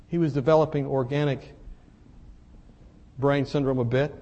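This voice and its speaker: A man preaching a sermon, telling a personal story in a confessional way that moves between hushed and emphatic. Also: mid-range voice, fairly even intonation, normal speed.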